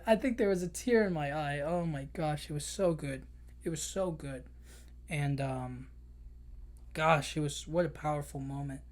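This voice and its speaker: A man hosting a podcast, recapping a film in an emotional, chatty way with lots of "you know". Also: on the high side. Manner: emotional storytelling, many fillers like "you know". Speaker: podcast host. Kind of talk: casual movie recap.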